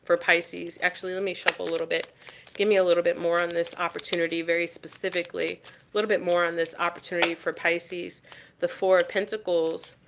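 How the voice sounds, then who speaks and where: Woman tarot reader, fairly low voice, lively and blunt, curses casually, repeats lines for emphasis. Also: a little fast, creaky, noisy background. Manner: animated, swears freely, talks straight to the viewer. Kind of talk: casual tarot reading to camera.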